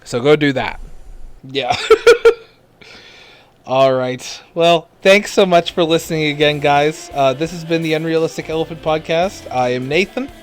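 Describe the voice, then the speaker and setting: A man's voice: on the high side, measured pace, soft background music. A man co-hosting a movie podcast in casual chat. He often restarts and repeats words as he talks. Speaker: podcast co-host.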